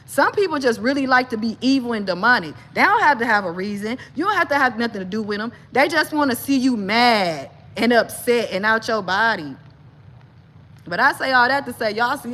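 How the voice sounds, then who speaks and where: A woman speaking an emphatic personal monologue to camera, talking straight to her viewers. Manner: grows agitated and loud, pitch climbing. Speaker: vlogger.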